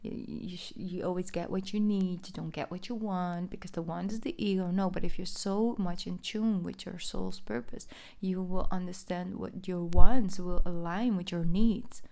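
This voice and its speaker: A woman's voice: lowish voice, steady tone, normal speed, gravelly, dark tone. A woman giving a casual tarot reading, chatty and rambling, often laughing as she talks. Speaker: tarot reader.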